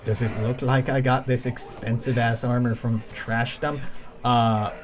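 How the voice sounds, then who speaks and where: A man's voice: medium pitch, flat delivery, a little slow. A man streaming a game with casual commentary, crude, joking and sarcastic. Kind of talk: casual let's play commentary.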